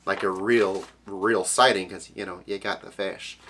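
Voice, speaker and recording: A man from Canada's Maritimes ranting profanely in a casual vlog, jumping between loud outbursts and low mutters. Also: a little slow, breathy edge. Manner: profane, animated ranting with sudden pitch jumps. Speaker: video blogger.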